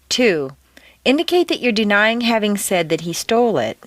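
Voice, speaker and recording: A woman teaching pronunciation on a scripted audio course, speaking deliberately and exaggerating the stressed words. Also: mid-range voice, very animated.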